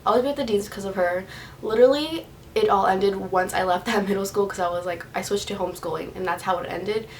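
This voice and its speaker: A young woman vlogger telling a casual storytime, acting out every quote with sudden jumps in pitch. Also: fast. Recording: slightly distant mic with faint noise.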